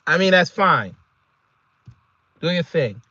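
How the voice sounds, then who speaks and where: A man hosting a casual reaction video, talking in an animated, slangy way and laughing often. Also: a little high, slow pace, no room sound, highs cut off.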